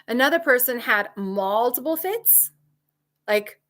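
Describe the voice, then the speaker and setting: A woman's voice: moderate pace, fairly bright tone. A woman coaching trauma survivors in a candid, emphatic talk, repeating key phrases and answering viewers. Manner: mimics others' voices in high shrill outbursts.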